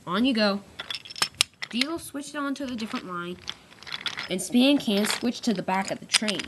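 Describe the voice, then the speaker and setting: A woman's voice: fairly high pitch, animated, moderate pace, very noisy. A woman narrating a homemade toy-train story in a casual way, with small slips and restarts.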